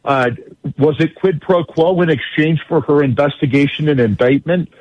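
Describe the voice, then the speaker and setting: A man with a somewhat high voice takes the combative side of a radio interview. He is blunt and hammers every point through repetition. His voice is husky and close, dry, and dulled as if it came over a lo-fi line. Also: moderate pace, dry recording. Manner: blunt, emphatic, repeats phrases for force. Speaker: guest legal commentator.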